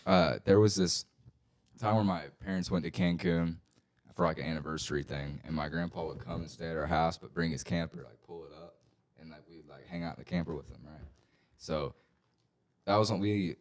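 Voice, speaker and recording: Young male podcast co-host, deep voice, rambling profane storyteller, gets loud when excited. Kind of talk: casual storytelling chat.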